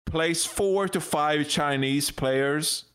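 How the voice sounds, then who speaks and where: A man's voice: on the high side, extremely slow, fairly bright tone, clear, resonant tone. Playful male panelist who spins a joking story. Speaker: esports panelist. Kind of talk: casual esports analysis chat.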